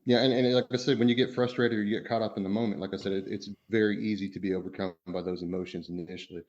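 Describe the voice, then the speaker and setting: A man's voice: on the low side, steady tone, racing, darkish tone, highs cut off. A man co-hosting a podcast as a father, talking casually and rambling, full of "you know" fillers and restarts.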